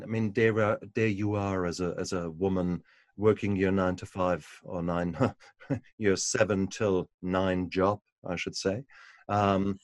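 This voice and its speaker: Male podcast host, low voice, halting and repetitive, dry close sound. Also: no echo. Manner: halting, repeats words, warm encouraging fillers. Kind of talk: casual interview.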